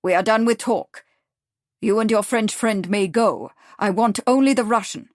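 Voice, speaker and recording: A woman's voice: medium pitch, moderate pace, no echo, clean studio sound, lightly acted. A woman reading the lines of a cold, mocking male Russian secret police agent in an audiobook. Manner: calm, sneering, clipped.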